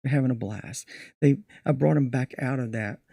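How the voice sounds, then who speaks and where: A man's voice: medium pitch, moderate pace, gravelly, no echo, clean studio sound. A middle-aged man, a magician, telling stories from his show in a casual podcast interview. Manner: animated storyteller acting out his show. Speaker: magician guest.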